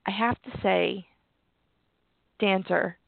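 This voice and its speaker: A woman's voice: medium pitch, fairly even intonation, takes it slowly, creaky, dry recording. A woman with a cold, chatting casually and giggling often. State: sick with a cold. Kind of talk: casual chat. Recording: tinny phone-like line, dry.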